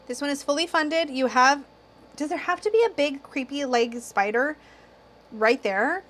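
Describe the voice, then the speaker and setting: A young woman reviewing tarot decks in a casual video, slightly tipsy, excitable and giggly, cursing now and then. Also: fairly high pitch. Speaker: tarot YouTuber.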